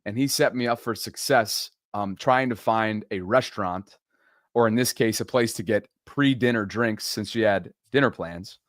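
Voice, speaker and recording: A man's voice: lowish voice, moderate pace, fairly bright tone, no echo, studio quality. A young man co-hosting a podcast, telling a dating story in casual chat with frequent laughs and self-deprecating humor. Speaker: podcast co-host.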